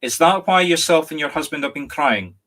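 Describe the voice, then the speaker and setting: A middle-aged Scottish man, a medium giving a live reading online, speaking gently and apologetically with many restarts and a catch of emotion. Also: fairly high pitch, expressive, brisk. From Scotland. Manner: emotional, near tears at times. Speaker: psychic medium.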